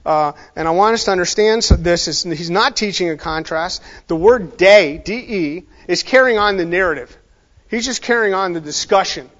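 A man's voice: sits high, moderate pace, fairly bright tone, lo-fi sound. A man giving an informal verse-by-verse Bible lesson, speaking conversationally and emphatically, drifting into asides and correcting himself as he goes. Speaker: Bible teacher.

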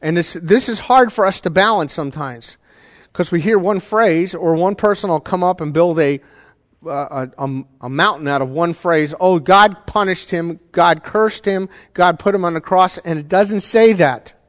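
A man with a somewhat high voice preaches a sermon in a church sanctuary. He talks conversationally and keeps asking the congregation whether they follow him. The sound rings with the long reverb of the hall. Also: normal speed. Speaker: pastor.

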